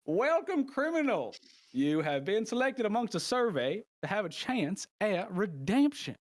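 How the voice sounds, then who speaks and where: A man voicing a cheery male island announcer with a southern drawl, booming and over-friendly. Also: sing-song, a little slow, dry recording. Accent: American Southern.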